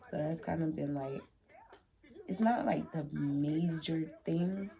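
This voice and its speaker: Young woman vlogging from her room, gravelly and kinda dark-toned, heartfelt and rambly. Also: low voice, slow pace. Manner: heartfelt, chatty, repeats herself. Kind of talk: emotional casual vlog to camera.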